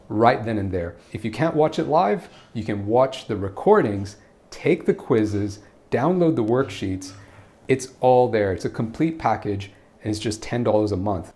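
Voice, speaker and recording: A man's voice: medium pitch, a little mellow. Playful, teasing male English coach. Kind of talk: online grammar lesson.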